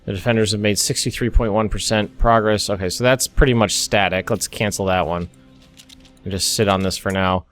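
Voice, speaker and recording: Speaking fairly quickly in a lowish, fairly bright voice with a steady tone, a young American man narrates his let's play of a strategy game. He thinks aloud, restarts often and drops in asides during this casual commentary. Faint music sits behind him.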